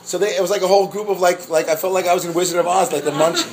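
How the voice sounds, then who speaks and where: A man teaching a class as a rabbi, telling a story in an animated, halting way with many restarts and laughs. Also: sits high, noisy background. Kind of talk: storytelling lecture.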